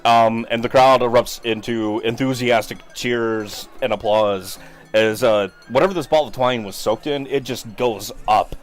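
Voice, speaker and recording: A man narrating as game master of a tabletop game, in a relaxed and searching way full of ums. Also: medium pitch, measured pace, faint music behind.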